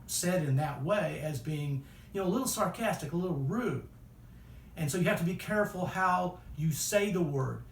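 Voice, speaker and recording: A man with a fairly high voice teaches public speaking, explaining things loosely and conversationally, with frequent fillers and restarts. The sound is echoey and a little distant, as if the mic sits away from him, with faint noise underneath. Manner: conversational, with many "you know" fillers and restarts. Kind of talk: extemporaneous lecture.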